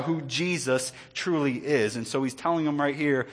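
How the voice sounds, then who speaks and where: A man's voice: a little high, normal speed, few pauses. A male pastor, preaching in a conversational way with joking asides and repeated words. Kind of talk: sermon.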